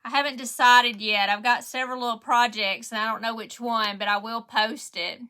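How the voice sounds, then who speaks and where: A middle-aged woman with a Southern drawl hosts a crafting livestream, chatting easily and greeting viewers one by one. Her voice sits a little high and rings bright and clear. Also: steady tone, moderate pace. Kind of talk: casual livestream chat to viewers.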